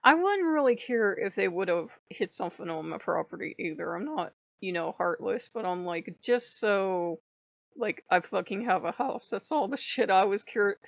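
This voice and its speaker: Blunt, gravelly-voiced woman telling a story. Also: medium pitch, expressive, normal speed, no room sound, muffled recording. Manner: chatty, blunt, swears freely, laughs often. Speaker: vlogger. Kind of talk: casual storytelling.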